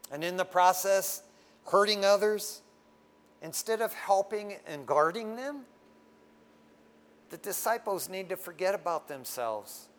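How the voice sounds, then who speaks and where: A man's voice: sits high, a bit bright. A man preaching a casual sermon to a congregation, frank and folksy, often tagging his lines with "man.". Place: standing before a congregation.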